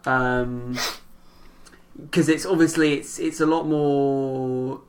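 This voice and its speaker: A woman co-hosting a podcast, speaking in a measured, reflective way with some fillers. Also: very deep voice, fairly even intonation, a little mellow, a little hiss or hum. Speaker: podcast co-host. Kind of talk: casual chat.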